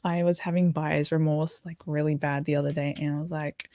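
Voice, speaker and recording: A woman's voice: low voice, little pitch movement, brisk, few pauses, mellow. A tired young Australian woman hosting an early-morning livestream, rambling casually and answering viewer comments as she builds. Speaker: livestream host.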